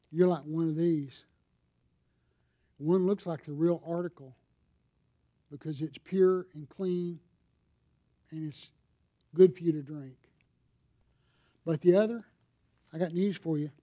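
Conversational preaching man, dark high voice. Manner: conversational preaching with audience questions and props. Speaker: pastor. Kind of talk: sermon. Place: church sanctuary.

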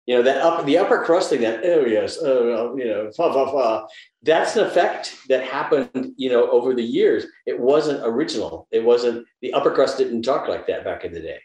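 An older man from the American South, a guest actor, telling animated stories in a casual interview and acting out the lines he quotes. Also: medium pitch, reverberant, poor audio. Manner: animated storyteller, acts out quotes in lively voices.

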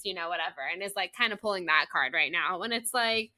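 A woman co-hosting a podcast, talking casually and at length about a book, with lots of fillers and a rambling, animated delivery. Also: fairly low pitch, quick pace, dry recording. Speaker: podcast co-host.

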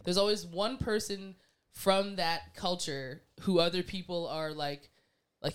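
Animated woman with a smooth voice. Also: fairly low pitch, moderate pace. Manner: animated, acts out quoted voices, laughs often. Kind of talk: casual chat.

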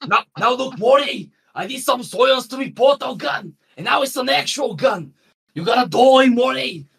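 Guy doing a yelling aussie mad scientist grandpa, high and loud, cartoon parody. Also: lively intonation, moderate pace, vocal fry, heavily acted. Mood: manic. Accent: Australian. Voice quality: loud, shouting.

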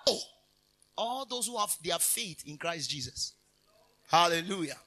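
A man's voice: on the high side, lively intonation, a little slow, bright, forceful tone, low-quality recording. A man preaching a conversational sermon, emphatic and jokey, breaking off with hallelujahs and laughter. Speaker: minister. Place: convention hall.

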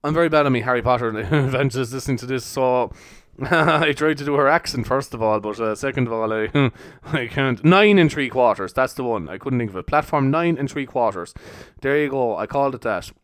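A young man with a brisk, fairly bright, mid-range voice hosts a casual solo podcast, recorded with clean studio sound and no room tone. He rambles, fills his talk with fillers, and laughs a lot.

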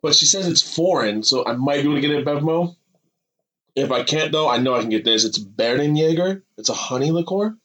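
A man's voice: fairly high pitch, animated, a little fast, sharp tone, poor audio. A tipsy man co-hosting a beer-tasting podcast, loose and profane, laughing easily in casual chat. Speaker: podcast co-host.

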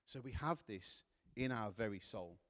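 Male preacher, earnest sermon delivery, low-ish voice, echoing church hall. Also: expressive, unhurried, fairly bright tone. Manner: earnest, rising to impassioned emphasis while reading scripture. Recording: long hall reverb.

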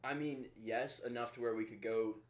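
A man's voice: medium pitch, steady tone, normal speed. Man, co-host, loose blunt banter, mid voice, echoey room. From Kentucky. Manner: blunt, swears freely, laughs often. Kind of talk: casual chat.

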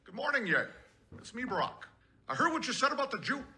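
A man doing a crude parody impression of an older former president, in a calm, measured delivery with odd pauses. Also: very high-pitched, exaggerated voice. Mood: mocking. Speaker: caller.

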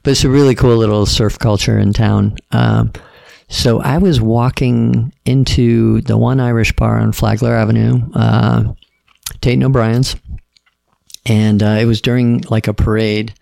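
Gravelly laid-back man telling stories. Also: medium pitch, fairly even intonation, a little slow, darkish tone, no room sound, studio quality. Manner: laid-back storyteller, quotes others in dialogue. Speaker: podcast guest. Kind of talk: casual storytelling.

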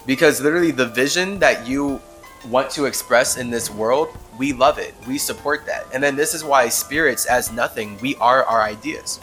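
Bright-voiced man rambling on a podcast. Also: mid-range voice, normal speed, faint music behind. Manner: rambling, emphatic, laughs often. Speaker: podcast host. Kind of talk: casual spiritual monologue.

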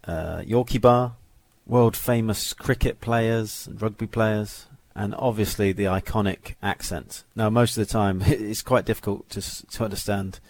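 Low-voiced podcast host, dry sound. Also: male voice, measured pace, few pauses, dry recording. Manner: relaxed, chatty, with fillers. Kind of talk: casual podcast introduction.

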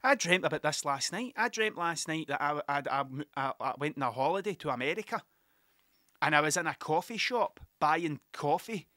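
A man's voice: on the high side, lively intonation, normal speed, pushed and bright, no echo, clean studio sound. A young Scottish man hosting a solo podcast, rambling casually from topic to topic and swearing freely. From Scotland. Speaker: podcast host.

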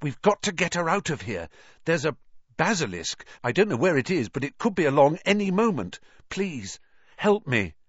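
A man's voice: high-pitched, huge pitch swings, moderate pace, no room sound, dull audio, pitched above the performer's own voice, exaggerated voice. A man reading aloud, voicing a desperate twelve-year-old schoolboy wizard who pleads urgently. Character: frantic young schoolboy wizard, boy of twelve.

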